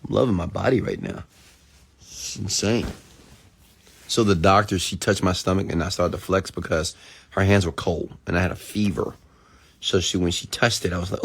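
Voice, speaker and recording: Man, gravelly, low voice, rambling excitable livestream host, recovering from food poisoning. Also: fairly quick. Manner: rambling, excitable, lots of restarts. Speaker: livestream host answering viewer comments. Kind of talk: casual late-night livestream chat.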